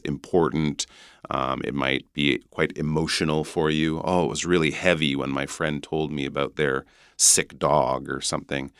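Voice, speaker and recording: Very deep-voiced Canadian man explaining. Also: fairly bright tone, clean tone, no echo, clean studio sound. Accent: Canadian English. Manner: patient, explanatory, models accents. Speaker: guest English teacher. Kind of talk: podcast language lesson.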